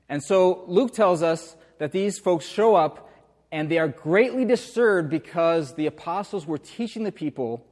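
A man preaching a relaxed, conversational sermon in a church, full of fillers and rhetorical questions. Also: on the high side, long reverb tail. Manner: chatty, uses hesitant fillers and rhetorical questions. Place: church sanctuary.

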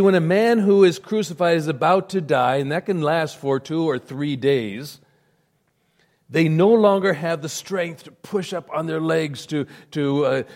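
A male pastor delivering a sermon in a slightly high voice. He leans hard on key words, then sinks into a quiet, grave hush. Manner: emphatic preaching, swells loud then drops to a hush.

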